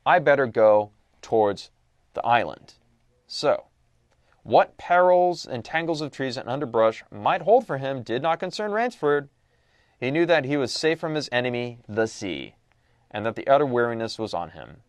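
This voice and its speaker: With an expressive, medium-pitched voice at normal speed, a man runs through a casual lesson review, reading passages and answering his own rhetorical questions. There's no room sound, and his manner stays conversational.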